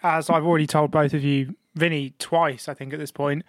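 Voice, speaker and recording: Swearing podcast host, fairly high. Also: male voice, fairly quick, no room sound, studio quality. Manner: animated, swears freely. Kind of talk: casual podcast chat.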